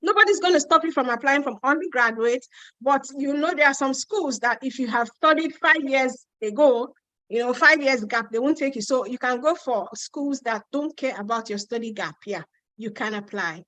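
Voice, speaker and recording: Nigerian lady doing a live q&a, high bright voice, dry close sound, chatty and teasing. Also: moderate pace, no room sound, poor audio. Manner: chatty, reads out questions, frank and teasing. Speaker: host answering viewer questions on a live stream. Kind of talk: casual live Q&A.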